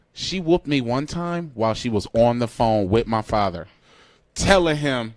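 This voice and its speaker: A man co-hosts a casual podcast, acting out quotes with lots of laughter. His pitch swings widely as he tells the story. The recording is dry and close to the mic. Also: a little slow, no echo. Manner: animated, laughing, acts out quotes. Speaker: podcast co-host.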